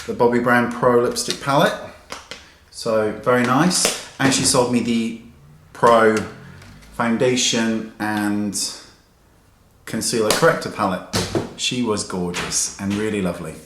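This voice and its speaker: A man with a fairly low voice tells a story in a chatty, animated and indignant way. The room around him echoes noticeably, and a faint hiss sits under the voice. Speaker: makeup artist vlogger. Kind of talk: casual storytelling rant.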